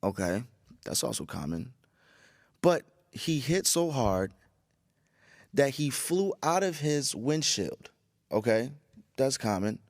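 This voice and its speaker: A man's voice: medium pitch, takes it slowly, long pauses, no echo, studio quality. Groggy, profane man ranting on a podcast. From Chicago area. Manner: profane, rambling, animated storytelling. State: tired and groggy. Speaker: podcast host. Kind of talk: casual solo podcast rant.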